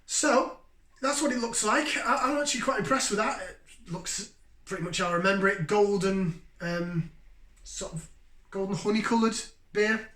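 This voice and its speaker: Speaking at a moderate pace, a fairly high-voiced Yorkshireman hosts a casual beer review vlog, chatting warmly and enthusiastically to his viewers. The sound carries noticeable echo from a roomy space.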